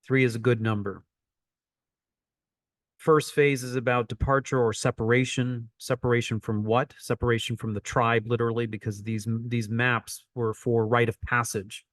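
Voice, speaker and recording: A man's voice: medium pitch, level tone, normal speed, a bit bright, no echo, studio quality. A man coaching an online teaching session, repeating phrases for emphasis as he explains.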